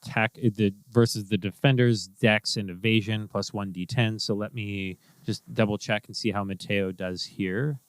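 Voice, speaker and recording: A man's voice: lowish voice, steady tone, normal speed, few pauses, clean tone, no echo. A man narrating and explaining rules as game master in a casual tabletop game. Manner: casual, explanatory, laughs often.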